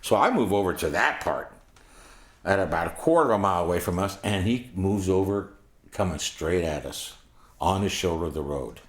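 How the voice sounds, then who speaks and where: Deep-voiced older man telling a story. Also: animated, moderate pace, roomy sound. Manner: vivid, rambling, profane storytelling. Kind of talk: first-person storytelling.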